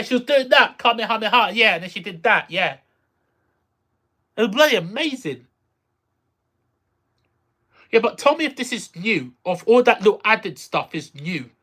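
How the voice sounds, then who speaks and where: A streamer casually reacting live to a game, excitable, repeating phrases and exclaiming. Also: medium pitch.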